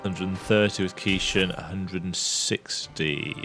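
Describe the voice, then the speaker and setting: A man's voice: deep voice, steady tone, a little slow, gravelly, a bit bright, faint music behind. A man chatting his way through a video game, thinking aloud and reading game text as he plays. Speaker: video game let's-player. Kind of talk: casual gameplay commentary.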